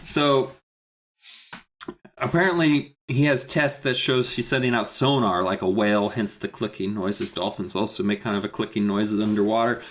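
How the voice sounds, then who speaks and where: A man's voice: lowish voice, moderate pace. A man co-hosting a casual podcast, retelling a kids' book with sarcasm and frequent swearing. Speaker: podcast co-host.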